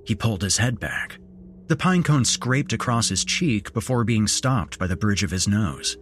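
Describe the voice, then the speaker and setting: A man hosting and narrating a horror story in a steady, measured storytelling manner. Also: mid-range voice. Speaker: horror podcast host and narrator.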